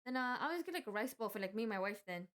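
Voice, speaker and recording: A polite, easygoing man ordering food at a counter, hesitating as he picks his order, as a woman voices him. He speaks in a fairly everyday, slightly lowered voice. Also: lively intonation, racing, fairly bright tone.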